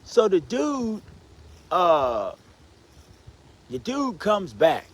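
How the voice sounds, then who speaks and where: A man telling a personal story in a rambling, casual way, checking in with "right?" and "you know what I'm saying" as he goes. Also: extremely slow. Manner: animated, swings from low mutters to excited outbursts.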